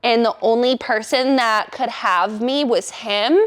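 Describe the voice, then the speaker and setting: Animated young woman telling a story. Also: on the high side, a little slow. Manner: animated, profane, heavy use of "like". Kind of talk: casual storytelling chat.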